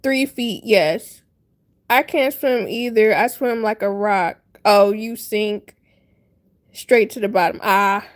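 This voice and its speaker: A young woman livestreaming, telling a funny story to her chat in a casual, animated way, laughing often and acting out her panic. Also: medium pitch, slow pace. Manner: animated, laughing, dramatic retelling.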